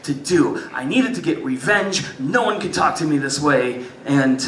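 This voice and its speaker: Animated male stand-up comic in a roomy club. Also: fairly high pitch, measured pace, recorded from a distance, slight background noise. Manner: animated, swings between loud bursts and muttered asides. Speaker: stand-up comedian. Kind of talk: stand-up storytelling. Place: live music venue stage. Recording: roomy live club sound from afar. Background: audience laughter.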